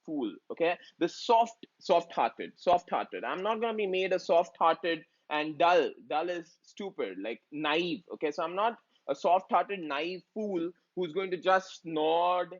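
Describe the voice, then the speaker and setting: A man's voice: high-pitched, animated, measured pace, few pauses, dull audio. A man with an Indian English accent teaching a literature lesson in a chatty way, using slang to explain lines.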